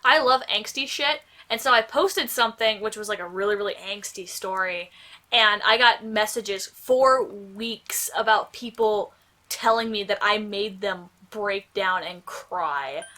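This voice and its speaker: A woman's voice: mid-range voice, measured pace, pushed and bright. A woman chatting casually while her friend plays a video game, teasing, enthusiastic and swearing freely. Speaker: co-host watching the game. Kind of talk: casual let's-play banter.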